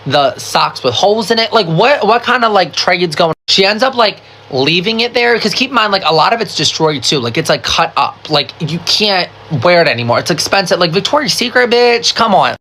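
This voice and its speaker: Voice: mid-range voice, normal speed, few pauses. A storyteller in a casual storytime video. They swear a lot, fill every sentence with "like," and retell the story dramatically, acting out what other people said. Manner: chatty, swears a lot, constant "like" fillers; dramatic, animated retelling with quoted voices.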